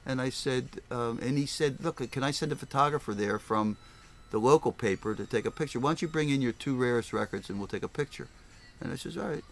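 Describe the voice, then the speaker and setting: An older man spins a long, rambling story in his own plain words. He sits for a casual interview and slips into the voices of the people he quotes, his pitch sitting in the middle range for a man. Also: a little fast, creaky. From Philadelphia area, US. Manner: animated, rambling, acts out voices. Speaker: record store owner.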